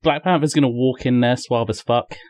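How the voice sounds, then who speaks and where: A man's voice: medium pitch, brisk, a little mellow, no echo, clean studio sound. A man, a podcast guest who jokes around and swears freely. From Canada. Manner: joking, crude, swears freely. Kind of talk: casual chat.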